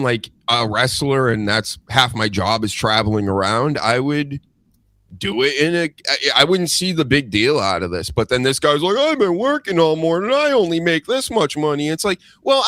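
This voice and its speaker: A man hosting a podcast, talking in a profane, animated rant during casual chat. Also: mid-range voice, no echo. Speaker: podcast host.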